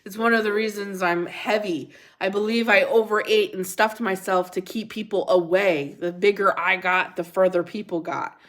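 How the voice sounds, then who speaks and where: A woman's voice: medium pitch, steady tone, normal speed, hardly any pauses, a bit bright. A middle-aged woman hosting a casual livestream, chatting and laughing as she reacts to viewer comments.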